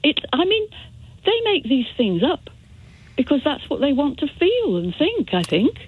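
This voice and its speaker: A woman's voice: sits high, big pitch swings, unhurried, no echo. A woman calling a radio show, telling rambling anecdotes. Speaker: caller. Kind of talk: phone-in call chat. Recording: tinny phone line.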